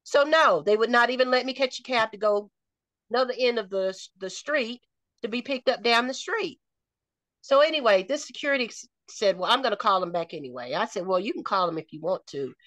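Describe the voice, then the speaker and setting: A woman's voice: on the high side, expressive, brisk, fairly bright tone, dry recording. A middle-aged woman from North Carolina with a Southern accent, retelling a personal story in conversation and acting out the quoted dialogue. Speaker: interview guest.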